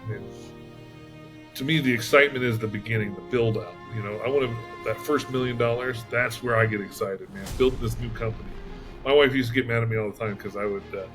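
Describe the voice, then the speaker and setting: A man being interviewed as an entrepreneur and mentor, telling stories in a relaxed way with restarts and chuckles. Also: medium pitch, brisk, music in the background. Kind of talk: casual interview talk.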